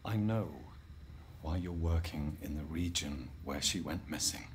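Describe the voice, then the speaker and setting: An actor playing a calm, composed company official in a video game, speaking in a measured, polite and formal way. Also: male voice, a bass voice. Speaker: game character. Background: loud game music.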